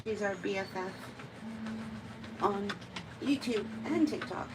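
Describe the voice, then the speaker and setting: A woman's voice: mid-range voice, slow, noisy background. A woman cat groomer chatting on a live stream, cooing baby talk to the cat she grooms.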